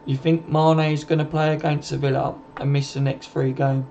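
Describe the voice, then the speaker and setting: Chatty man calling everyone mate, slightly high voice. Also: little pitch movement, moderate pace, gravelly, warm tone, muffled recording, slight background noise. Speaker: livestream host reading viewer comments. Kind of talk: casual football chat.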